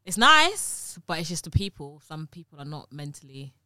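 A woman's voice: deep voice, moderate pace, no room sound. A young British woman from the UK, chatting as a podcast guest and acting out quoted dialogue as she tells stories. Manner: animated storyteller, acts out quotes. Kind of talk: casual podcast chat.

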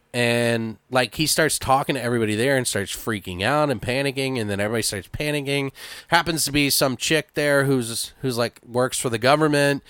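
A man's voice: mid-range voice, fairly bright tone, clean tone, dry recording, clean studio sound. A man hosting a podcast, retelling a film in a rambling way, full of fillers and swearing. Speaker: podcast host. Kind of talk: casual chat.

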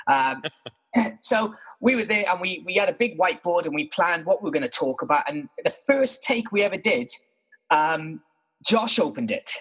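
A man, co-host of a podcast, casually telling stories from his bedroom in an animated, self-mocking way, swearing freely. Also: high voice, moderate pace, slightly rough, poor audio. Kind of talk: casual storytelling monologue.

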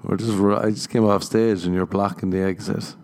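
Low-voiced man, swearing comic monologue. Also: flat delivery, brisk, a little mellow. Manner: swears freely, laughs at his own jokes, acts out voices. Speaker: stand-up comedian and podcast host. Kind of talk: casual podcast monologue.

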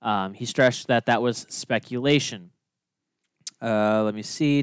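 Young podcast guy, dry and fed up, smooth clear voice, no room echo. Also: medium pitch, slow. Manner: exasperated, dry. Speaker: podcast co-host. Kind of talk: casual sports chat and news reading.

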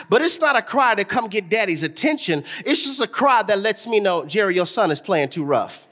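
A man in his thirties, a pastor delivering a sermon and talking straight to the congregation, his preaching swelling into shouts with a sing-song cadence. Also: extremely high pitch.

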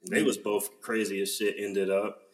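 Male co-host, deep-ish voice, excited slangy chatter. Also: normal speed, rough recording. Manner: excited, slangy, swearing, heavy "like" filler. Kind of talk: casual chat.

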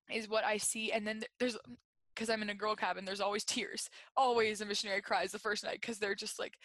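A woman's voice: medium pitch, level tone, fairly bright tone, no echo. A young woman who leads staff at a camp, talking earnestly in casual conversation with lots of fillers. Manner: earnest, quick, filler-heavy talk.

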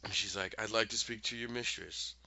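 A man with a lowish, sharp, forceful voice retells a show's plot in a casual, animated way. He keeps slipping into quick character voices for the dialogue. The sound is dry and a bit dull and lo-fi. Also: vocal fry. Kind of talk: casual recap storytelling.

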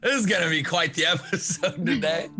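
A man's voice: a little high, a little fast, over music. A man in a tabletop game stream, teasing the game master and laughing in casual banter. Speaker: player.

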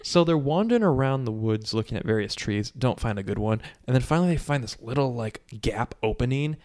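A man in casual chat, retelling a film scene by scene with quick impressions of the characters and plenty of swearing. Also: medium pitch, expressive, darkish tone. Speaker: podcast co-host recapping a movie.

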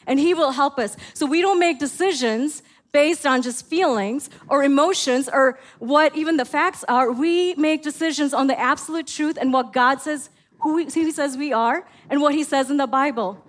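A middle-aged woman pastor preaching a sermon, telling family stories in an animated way and acting out her own lines. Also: high-pitched, normal speed. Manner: animated storytelling, acts out her own quotes.

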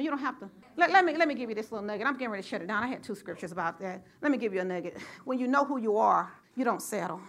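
A middle-aged woman preaching a sermon and telling a personal story, in a lively call-and-response style that rises to shouts. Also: on the high side, racing, hardly any pauses.

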